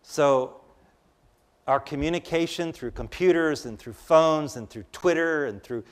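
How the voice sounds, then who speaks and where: A man's voice: a little high, a little slow, clear, resonant tone. An older man giving a conversational lecture, telling personal stories in a chatty, rambling way with frequent restarts. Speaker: public speaker.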